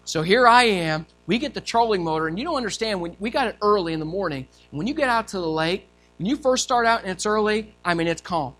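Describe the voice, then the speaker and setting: A male pastor preaching a sermon, telling a story in an animated way and acting out quotes and sounds. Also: high voice, fast talker, hardly any pauses, soft background music.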